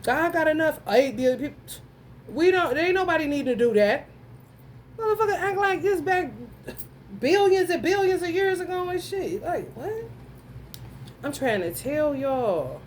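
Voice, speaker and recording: A woman's voice: sits high, big pitch swings, moderate pace, slight background noise. A woman giving a casual astrology reading, talking bluntly and profanely straight to her viewers, with frequent exclamations. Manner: blunt, profane, emphatic, addresses viewers directly; breaks into frequent laughter and exclamations. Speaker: tarot reader.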